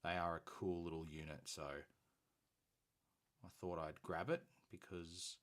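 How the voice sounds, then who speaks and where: A very deep-voiced Australian man hosts a live painting stream. He talks in a loose, enthusiastic and chatty way, full of ums. He keeps the easygoing pace of someone working with his hands while he talks. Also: flat delivery, a little slow, fairly bright tone. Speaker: hobby stream host.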